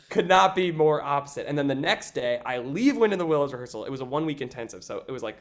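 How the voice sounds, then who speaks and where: A young man in an interview, telling a story in a lively casual way, often saying "like" and acting out what people said. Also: fairly high pitch, fast, hardly any pauses. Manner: animated, acts out quoted voices, frequent "like". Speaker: guest, stage actor.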